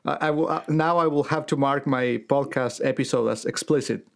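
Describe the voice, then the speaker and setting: A man hosting a podcast interview, speaking in a measured, halting way as he searches for words. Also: mid-range voice, gravelly. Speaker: podcast host.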